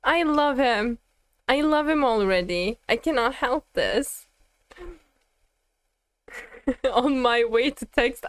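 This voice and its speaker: A woman's voice: sits high, clear, resonant tone, no echo. Giggly, flustered young woman streamer. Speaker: streamer reacting to a game. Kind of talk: casual gameplay reaction commentary.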